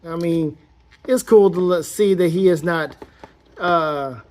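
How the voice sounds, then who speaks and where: Male toy reviewer, casual and rambly, a bit high-voiced. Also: slow pace, a little mellow. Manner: rambling and playful, thinks aloud while posing the figure. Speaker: toy collector reviewing action figures.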